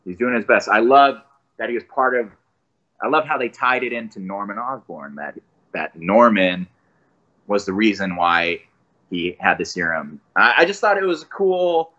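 A man's voice: on the low side, lively intonation, moderate pace, pushed and bright. Man, voice actor guest, enthusiastic storyteller, muffled lo-fi sound. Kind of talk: casual podcast interview.

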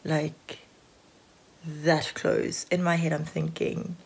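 A woman's voice: low-pitched, level tone, slow pace, vocal fry, darkish tone, breathy edge. A South African woman chatting casually to her phone camera at home, rambling and anxious, with lots of filler words. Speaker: vlogger. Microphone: handheld phone.

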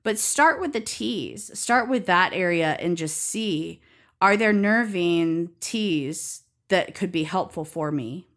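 Middle-aged woman, Alabama accent, chatty herbalist guest, relaxed and easygoing. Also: fairly low pitch, takes it slowly. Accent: Southern US (Alabama). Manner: relaxed, chatty, laughs easily, says y'all. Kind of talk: conversational explanation.

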